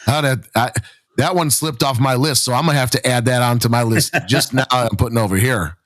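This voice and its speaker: A man on a coaching podcast speaks emphatically, often pleading with parents and coaches. His voice sits at a middle pitch. The recording is dry and close, with no room sound. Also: fairly quick, a bit bright, dry recording. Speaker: podcast co-host, softball coach. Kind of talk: casual podcast chat.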